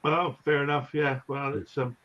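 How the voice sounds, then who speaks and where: A man hosting a casual livestream chat, chatty and quick to laugh as he greets viewers. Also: medium pitch, flat delivery. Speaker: livestream host. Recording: lo-fi dull audio.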